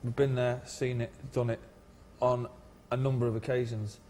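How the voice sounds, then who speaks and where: A man's voice: medium pitch, flat delivery, normal speed, mellow, in a large hall, a little hiss or hum. A man being interviewed as a musician, chatting casually, rambling and repeating words and laughing as he tells his stories. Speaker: musician guest.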